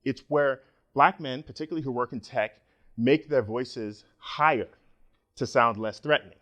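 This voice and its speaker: A middle-aged man from Nigeria giving a conference talk, joking and animated with the audience. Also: mid-range voice, normal speed. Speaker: conference speaker.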